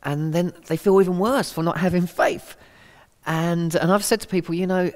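A man's voice: high voice, brisk, darkish tone, in a large hall. A middle-aged man giving a conversational, earnest sermon talk, acting out quotes as he goes. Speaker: Christian speaker.

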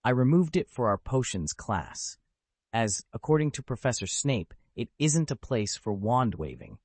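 A man narrating an audiobook, voicing a poised and polite teenage boy wizard in a calm, assured manner. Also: medium pitch, unhurried, slightly rough, no room sound, heavily acted. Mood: composed.

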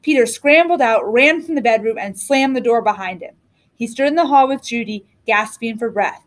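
Teacher reading a picture book aloud to children, clear and expressive, a bit high. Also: female voice, moderate pace. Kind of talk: storybook reading.

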